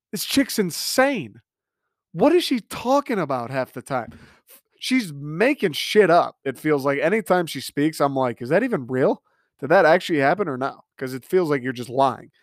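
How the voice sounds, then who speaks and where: A man's voice: fairly high pitch, smooth, no echo, studio quality. A man hosting a podcast, ranting in a casual, exasperated, profane way. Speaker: podcast host. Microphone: podcast microphone.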